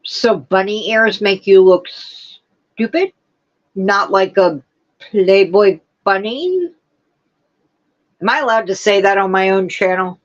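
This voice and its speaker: A woman's voice: mid-range voice, slow, long pauses, highs cut off. A woman hosting a casual livestream, chatting and answering her viewers' comments one by one. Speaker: livestream host. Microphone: streaming setup with laptop.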